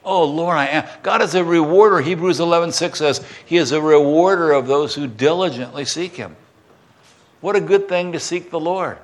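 An older man giving a sermon and leading spoken prayer, earnest and often dropping to a hushed voice. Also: on the high side, moderate pace. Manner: earnest, drops to a soft hush when praying. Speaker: pastor.

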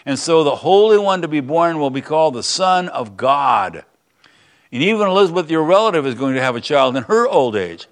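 A man's voice: on the high side, fairly bright tone. A man preaching a sermon, reading scripture aloud and adding earnest, emphatic comments in a conversational way. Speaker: pastor.

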